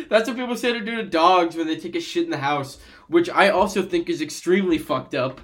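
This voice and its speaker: A man's voice: a little high, fairly bright tone. A young man in casual podcast chat, telling rambling, sweary stories and laughing often, recorded on a computer microphone. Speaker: podcast co-host.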